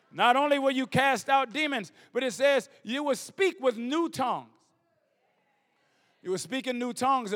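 Bright high-voiced male preacher. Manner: preacher mixing scripture with a personal story, rhythmic repetition. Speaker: bishop and guest preacher. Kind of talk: sermon.

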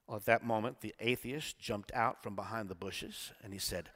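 A male pastor preaching a sermon, swinging between quiet talk and shouted call-and-response. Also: lowish voice, moderate pace, few pauses. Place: church sanctuary. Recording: church hall reverb.

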